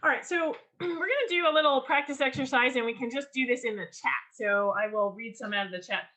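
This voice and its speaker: A woman leading an online writing workshop over a video call, teaching in a lively, enthusiastic way with frequent ums and restarts. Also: high voice, brisk, low-quality recording. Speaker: workshop leader.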